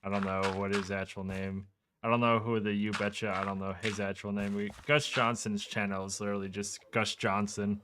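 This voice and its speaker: Easygoing young man with a low voice. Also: flat delivery, a little fast, noisy background. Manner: easygoing, dry interjections. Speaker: stream co-host. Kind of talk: casual chat while gaming.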